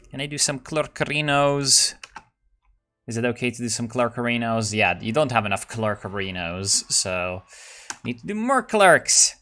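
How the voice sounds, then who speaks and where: Brief: young male gamer, bright and forceful tone, swears a lot, casual rambling play commentary. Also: medium pitch, vocal fry. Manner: swears a lot, excitable, jokey; muses aloud with frequent fillers and laughs. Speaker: gamer playing a strategy game.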